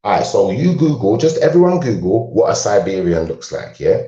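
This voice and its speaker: Insistent low-voiced man. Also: sing-song, normal speed, warm tone. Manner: insistent, confrontational, repeats himself. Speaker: debate participant. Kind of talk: heated online debate. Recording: dull, roomy lo-fi audio.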